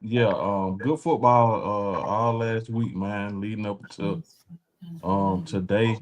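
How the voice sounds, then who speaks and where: A man's voice: fairly low pitch, steady tone, slow pace. A man co-hosting a casual sports podcast over a remote mic, speaking hesitantly with many fillers. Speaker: podcast co-host. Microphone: remote mic, sound cutting low.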